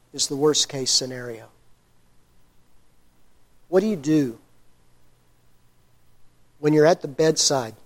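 A man preaching a sermon, telling the story with animated humor and posing rhetorical questions, then dropping to quiet earnestness. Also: fairly high pitch. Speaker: pastor.

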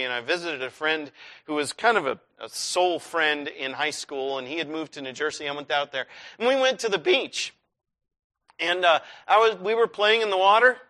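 Male preacher, sermon, animated storytelling, high voice, bright tone. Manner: animated storytelling, swings from hushed to shouted.

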